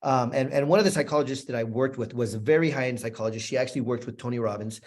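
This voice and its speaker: A husky-voiced man delivers a heartfelt personal story as a motivational speaker. His words circle back and repeat as the emotion builds, and his pitch sits in an ordinary middle range. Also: rapid-fire. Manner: earnest, repetitive, emotional storytelling. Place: room with a live audience.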